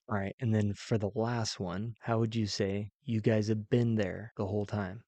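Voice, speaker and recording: A man's voice: fairly low pitch, flat delivery, moderate pace, hardly any pauses, a little mellow, dry recording. A man teaching a language lesson, patiently posing prompts and repeating each example sentence twice. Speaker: Mandarin teacher.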